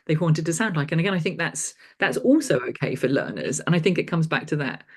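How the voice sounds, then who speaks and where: A woman's voice: deep voice, big pitch swings, fast, darkish tone, breathy edge. A middle-aged woman from England, talking as an invited lecturer in a conversational interview, rambling with restarts and fillers. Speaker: guest lecturer.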